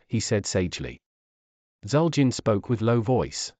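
A man narrates a fantasy tale in steady, scripted storytelling. His voice sits in a middle range and the sound is dry and close. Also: mid-range voice, normal speed, no echo.

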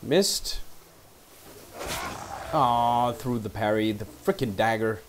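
A man commentating his own strategy game, getting excited and talking to his units. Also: mid-range voice, slow, slight background noise. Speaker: let's play streamer.

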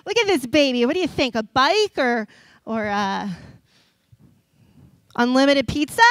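Kids' pastor, young woman, bright high voice, close dry sound, warm animated storytelling sermon. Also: normal speed, long pauses, no room sound, poor audio. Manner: animated storytelling, laughs often. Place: church stage.

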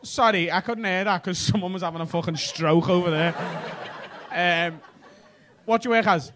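A man's voice: high-pitched, moderate pace, background noise. A man with a Liverpool accent doing stand-up crowd work on a comedy club stage, cheeky and sweary as he banters with the audience.

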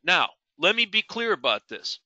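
Middle-aged male webinar instructor, fairly high and very bright voice, emphatic and questioning. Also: very animated, normal speed, no room sound, dull audio. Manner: asks the audience questions, emphatic, repeats key words. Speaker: trading instructor. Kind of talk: live webinar teaching.

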